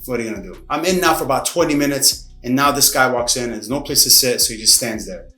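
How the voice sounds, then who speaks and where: Martial arts coach telling a story in an echoey room. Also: male voice, medium pitch, fast. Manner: lively, dramatic retelling with acted-out quotes. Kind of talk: casual storytelling to camera. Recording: echoey room, faint music behind.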